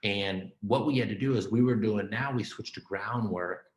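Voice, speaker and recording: Animated low-voiced man, echoey room. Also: normal speed. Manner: informal and animated, with repeated "man" and "right?" and stacked restarts. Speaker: keynote speaker. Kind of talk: conversational storytelling talk.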